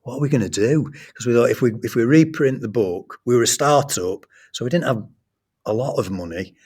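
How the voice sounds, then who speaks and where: A middle-aged man telling a personal story as a podcast guest, earnest and animated. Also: medium pitch, a little fast, slightly rough. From England. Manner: earnest, animated anecdote telling with quoted dialogue. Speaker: guest, school trust academic leader.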